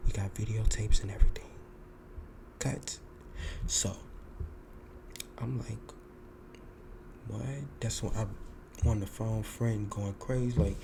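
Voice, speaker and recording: Cursing often, this podcast host spins a casual storytelling monologue and performs the quotes with animation. He has a lowish voice with vocal fry, speaks unhurriedly with many pauses, and the background is noisy.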